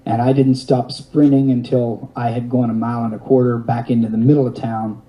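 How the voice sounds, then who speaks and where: A man's voice: mid-range voice, level tone, brisk, dull audio. A man in his fifties telling a long personal story in an interview, rambling along with restarts and wry, self-mocking humor. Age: 50s.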